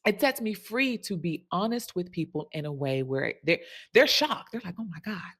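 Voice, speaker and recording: Woman coach, low voice, frank casual monologue, checks in with "right?". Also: animated, normal speed, a bit bright, husky. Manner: chatty, punctuates with "right?"; candid and frank, swears casually. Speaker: sensuality coach. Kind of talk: casual direct-to-camera monologue.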